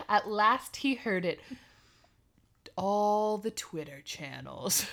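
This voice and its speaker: A woman's voice: mid-range voice, huge pitch swings, drawn-out words, vocal fry, long pauses, a bit bright. A woman hosting a podcast, reading a fairy tale aloud and breaking off for giggly, irreverent asides with casual swearing. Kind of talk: casual read-aloud with commentary.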